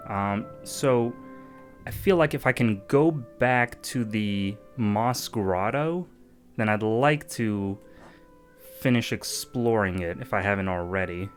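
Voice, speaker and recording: A man's voice: fairly low pitch, slow, faint music behind. A man giving casual gameplay commentary, thinking aloud with lots of fillers. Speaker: let's-play gamer.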